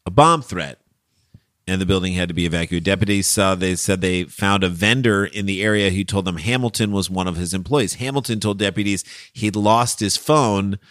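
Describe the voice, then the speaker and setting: A man with a fairly low voice co-hosts a casual comedy talk show. He reads odd news items aloud and riffs on them wryly. The recording is dry and close, with no room sound. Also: normal speed, a bit bright, dry recording. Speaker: co-host.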